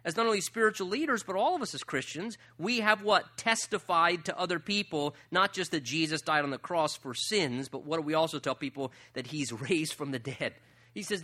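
A male pastor preaching a sermon, emphatic and full of rhetorical questions, swinging between loud and soft passages. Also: high voice.

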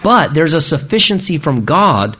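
A man's voice: a little high, very animated, moderate pace, sharp tone, slightly rough, dull audio. A male pastor preaching a sermon in an earnest, emphatic way, repeating rhetorical questions to drive his points home.

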